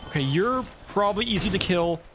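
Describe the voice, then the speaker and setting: A man's voice: high voice, lively intonation, fairly quick, noisy background. A man giving casual let's play commentary, thinking aloud and cursing when the game goes badly.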